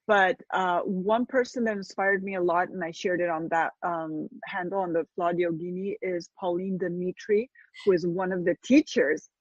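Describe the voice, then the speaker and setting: A woman's voice: fairly low pitch, fairly even intonation, normal speed, no echo, lo-fi sound. A woman in her fifties from Spain with a Spanish accent, talking earnestly as an interview guest and often restarting her sentences. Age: 50s. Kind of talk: casual interview chat.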